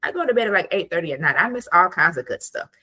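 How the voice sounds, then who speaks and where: Low, bright-voiced woman guest, chatty. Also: quick pace. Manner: chatty, lots of "like", animated asides. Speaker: podcast guest, attorney and productivity coach. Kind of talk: casual interview chat.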